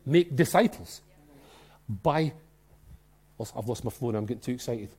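A man with a Glasgow Scottish accent preaching a sermon in a church, emphatic and excitable, swinging between soft and loud. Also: medium pitch, measured pace, husky. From Scotland. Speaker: pastor.

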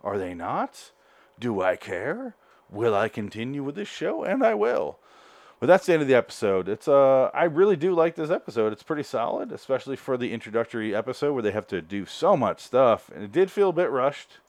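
A man's voice: medium pitch, sing-song, fairly quick, a little mellow, dry recording. A man hosting a solo podcast, reviewing an episode in a rambling, joking way that keeps correcting itself. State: out of breath. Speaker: podcast host.

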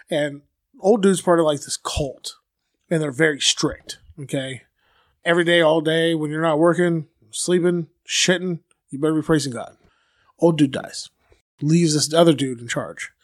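A man with a high voice tells a story loosely and crudely, with plenty of fillers and playful quoted voices. The sound is close and dry, with no room echo. It is a casual podcast chat. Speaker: podcast co-host telling a true-crime story.

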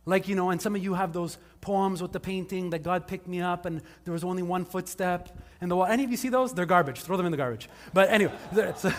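Male pastor, high voice, chatty sermon with quick jokes to the congregation, big reverberant hall. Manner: casual, joking asides with the congregation. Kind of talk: conversational sermon. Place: church service before a live congregation.

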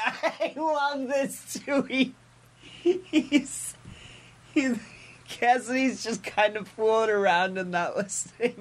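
A podcast co-host with a high voice casually retells a comic story, giggling often and acting out the quotes in an animated way. A bit of background noise sits under the recording.

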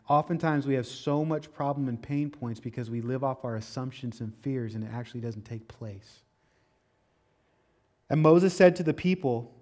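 A man preaching a sermon, asking rhetorical questions, reading scripture and dropping casual asides. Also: mid-range voice. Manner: preaching with rhetorical questions, rising to loud emphatic peaks. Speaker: pastor.

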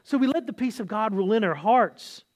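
A man's voice: high-pitched, expressive, fairly quick. A married man preaching a sermon as pastor, earnest, repeating key phrases and often restarting his sentences. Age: adult, married.

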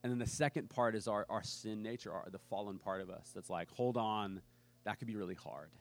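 A man's voice: fairly low pitch, fairly quick. A man preaching a sermon as pastor, telling a story in a casual way and acting out the people he quotes.

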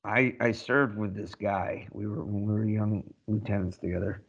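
A man, a podcast co-host and army veteran, telling dry, wry stories in casual chat with halting restarts. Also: lowish voice, steady tone, husky. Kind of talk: casual chat, anecdotal storytelling. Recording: dull, muffled lo-fi sound.

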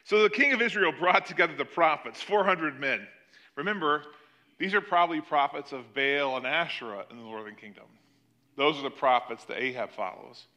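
Bright-voiced animated male preacher. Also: a little high, moderate pace. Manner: animated storytelling, acting out quoted lines. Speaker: pastor. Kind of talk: sermon.

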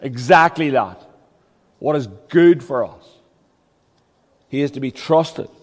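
A man's voice: mid-range voice, takes it slowly, big-room sound. A man preaching a sermon as a pastor, earnest and emphatic, with rhetorical questions.

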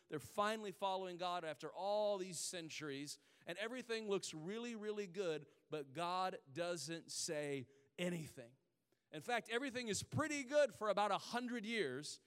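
Male pastor, high voice, conversational sermon, long hall reverb. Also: smooth. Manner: conversational storytelling, drawn-out emphatic pauses.

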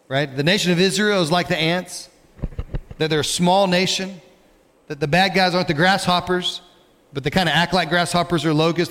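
A man's voice: high-pitched, fairly bright tone. A man preaching a sermon as pastor, in a conversational way, asking the congregation questions. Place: church sanctuary. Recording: long hall reverb.

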